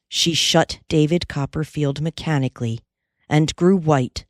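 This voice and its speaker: A woman narrating a classic novel in a low voice with measured, unhurried storytelling. Her pace is slow and steady. The sound is dry and close, with no room around it. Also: no echo. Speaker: audiobook narrator. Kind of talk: scripted audiobook narration.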